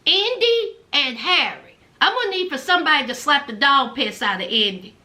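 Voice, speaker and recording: A woman's voice: high voice, expressive, normal speed, pushed and bright. A woman, recapping a reality show in a blunt, sassy way to her viewers. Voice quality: thick accent. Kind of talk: casual recap vlog.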